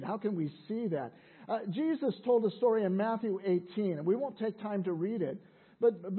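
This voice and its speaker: A man's voice: sits high, husky. A man preaching a sermon in a conversational way, often repeating words as he restarts. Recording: tinny phone-like sound.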